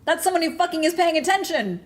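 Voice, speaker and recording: A young adult woman streaming and chatting casually, telling stories in a profane, animated way with many restarts. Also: very high-pitched, quick pace. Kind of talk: casual livestream chat.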